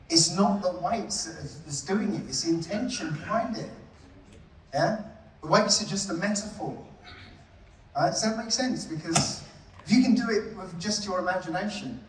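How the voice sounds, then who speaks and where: A man presenting at a conference keeps his live talk casual, frequently tossing "yeah?" and "right?" to the audience. His voice sits high. The sound is distant and echoey, as in a large hall, with a little hiss or hum.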